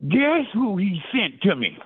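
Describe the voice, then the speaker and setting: An older man, a former football player, telling stories in a casual interview with lively, animated delivery and repeated address of the host. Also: sits high, measured pace, slightly rough. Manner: animated storyteller who keeps addressing the host by name. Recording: phone-like, lo-fi line.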